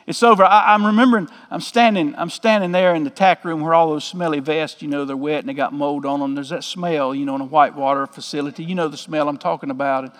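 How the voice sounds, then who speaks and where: A man's voice: on the high side, fast talker, few pauses, big-room sound. A man, a pastor telling a story in a folksy, joking sermon.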